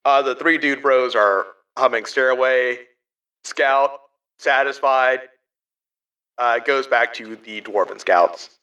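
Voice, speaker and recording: Bright-voiced man running a tabletop game. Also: medium pitch, takes it slowly, distant mic, poor audio. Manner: rambling, laughing, many fillers. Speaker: game master.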